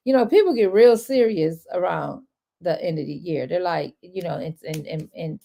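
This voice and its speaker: A woman's voice: on the low side, moderate pace, creaky, warm tone. A woman wealth and credit coach in a casual, rambling live-stream chat, chatty and encouraging toward her viewers.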